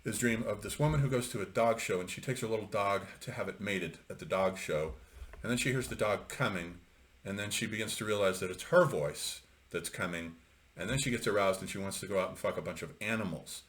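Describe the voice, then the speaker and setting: A middle-aged man with a very low, deep voice lectures on a novel off the cuff. He rambles and hesitates with plenty of ums and uhs, then turns sharply opinionated. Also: fairly quick, a bit bright. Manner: rambling, opinionated, many fillers. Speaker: lecturer on literature. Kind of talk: unscripted book commentary.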